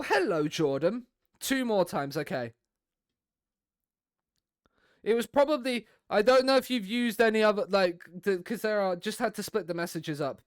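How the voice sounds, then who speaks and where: A young man talks through his game to viewers in a loose, rambling stream chat. His voice sits high and sounds smooth and clear. The sound is dry and close, with no room in it. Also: no echo. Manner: rambling, chatty, talks to viewers while playing.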